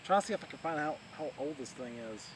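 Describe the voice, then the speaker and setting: A man's voice: on the high side, animated, fast. A man with a New York accent giving a casual, rambling spoken review outdoors, with many fillers and restarts, talking over distant heavy machinery. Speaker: vlogger. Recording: outdoor recording with loud machinery noise. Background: distant heavy machinery and traffic.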